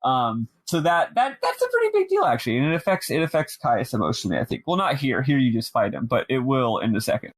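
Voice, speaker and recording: Laughing, animated male podcast co-host. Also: medium pitch, slightly rough, dry recording. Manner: animated, laughs often, quick asides. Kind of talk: casual chat.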